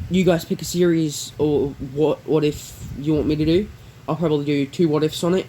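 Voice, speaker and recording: A man's voice: a little high, fairly even intonation, normal speed, warm tone, slight background noise, poor audio. Rambling man narrating a fan story. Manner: rambling, many fillers and self-corrections.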